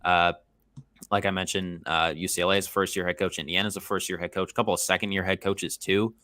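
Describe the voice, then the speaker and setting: A man appearing as a guest on a sports podcast, talking in a measured way and thinking aloud with lots of fillers. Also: low voice, level tone, bright, forceful tone, no echo. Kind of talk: casual sports podcast chat.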